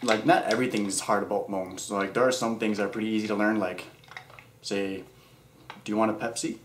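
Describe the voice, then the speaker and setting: A man's voice: fairly low pitch, fairly even intonation, fast talker. Playful male vlogger, offhand and jokey, echoey room. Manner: jokey, playful, puts on silly quoted voices. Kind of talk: casual rambling vlog. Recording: echoey room with faint background hum.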